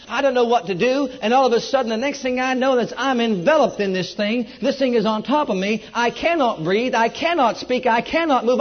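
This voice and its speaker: Impassioned preacher man in a dull echoey hall. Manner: impassioned testimony, shifting from loud and high to low and hushed. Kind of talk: sermon.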